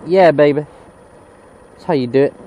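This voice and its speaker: A man's voice: fairly high pitch, normal speed, poor audio. A young man riding a motorbike through town, swearing and ranting at other drivers in exasperated commentary. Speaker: motorcycle vlogger. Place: on a motorbike in town traffic outdoors. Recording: loud road and traffic noise.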